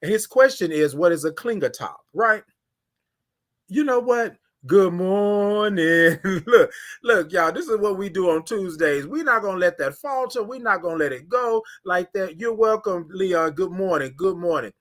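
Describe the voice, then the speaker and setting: A man hosting a casual morning livestream, greeting viewers by name in an animated way and drawing out his greetings. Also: high-pitched, normal speed. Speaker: livestream host.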